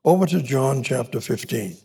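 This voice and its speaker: A man preaching a sermon in an emphatic, repetitive way, with frequent restarts and halting pauses. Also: medium pitch, animated, gravelly, warm tone, husky.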